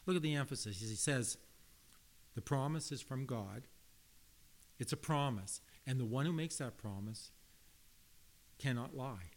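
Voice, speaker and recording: A man preaching in an earnest, emphatic way, pausing to stress key words. He reads scripture aloud, then repeats phrases with small stumbles and restarts. His voice sits at an ordinary middle pitch for a man. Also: lively intonation. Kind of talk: sermon.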